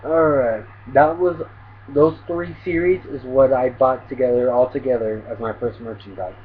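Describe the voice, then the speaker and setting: A man's voice: mid-range voice, moderate pace, phone-quality sound, a little hiss or hum. A man casually chatting through an anime tag video as a vlogger, rambling with lots of fillers.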